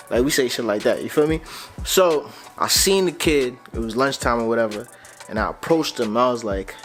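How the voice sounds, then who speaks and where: A man's voice: mid-range voice, lively intonation, fairly quick, soft background music. A young man from Grenada with a Grenadian Caribbean accent mixed with American slang, telling a casual storytime in a loose, conversational way. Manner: loose and conversational, laid-back slang, frequent "you feel me". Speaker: vlogger.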